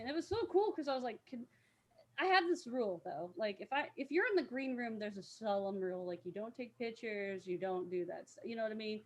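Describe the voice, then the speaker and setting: A woman's voice: fairly high pitch, animated, brisk, a little hiss or hum. A woman telling rambling con stories in a casual podcast chat, with many fillers and frequent laughs. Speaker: podcast guest, cosplayer.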